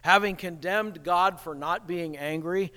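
A man preaching a sermon in an animated way, acting out the people he quotes. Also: high voice, measured pace. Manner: animated, acts out quoted voices, chuckles at the irony. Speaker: pastor. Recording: reverberant hall.

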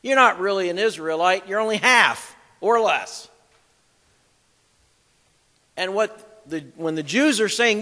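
Man, preacher, emphatic sermon, high voice, echoing hall. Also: measured pace, pauses often, pushed and bright. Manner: emphatic, reads scripture aloud with commentary. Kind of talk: expository sermon.

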